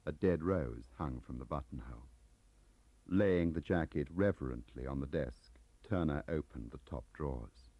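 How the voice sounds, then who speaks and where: A middle-aged man reading his novel aloud in a measured, expressive way. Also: rumbling low, breathy edge, no room sound. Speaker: author narrating. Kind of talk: audiobook reading. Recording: muffled tape audio.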